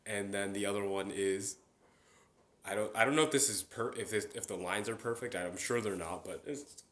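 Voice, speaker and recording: A man's voice: fairly low pitch, moderate pace, fairly bright tone. A young man hosting a casual solo chat. He rambles, with many fillers and restarts. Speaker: podcast host. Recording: roomy echo.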